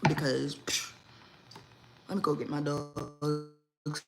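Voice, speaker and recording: A woman, hosting a casual livestream chat and telling stories in a lively, indignant way, acting out what people said. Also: deep voice, slow, poor audio. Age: 40s. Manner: animated storytelling, acts out quotes, lively and indignant. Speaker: livestream host.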